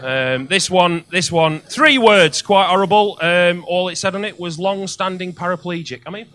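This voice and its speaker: A male comedian doing a crude stand-up set on a comedy club stage, with loud outbursts on the punchlines. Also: high-pitched, moderate pace, a little hiss or hum.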